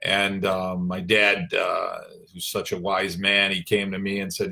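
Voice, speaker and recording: Low-voiced man talking from his home office. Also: steady tone, moderate pace, creaky, bright, forceful tone. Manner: reflective, conversational, many fillers and restarts. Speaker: chiropractor and coach. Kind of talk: casual talk to camera.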